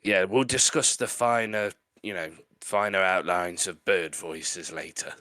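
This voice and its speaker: A man's voice: sits low, fairly even intonation, a little slow, bright, forceful tone, dry recording. Playful man in an online game session. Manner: playful, jokey. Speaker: tabletop game player. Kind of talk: casual chat over a tabletop game session.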